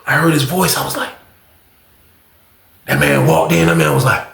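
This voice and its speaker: Man, storyteller, gravelly and fairly high voice, animated and profane, recorded with a roomy echo. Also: moderate pace. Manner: animated, profane, talks straight to viewers. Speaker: storyteller, channel host. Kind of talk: casual prison storytime.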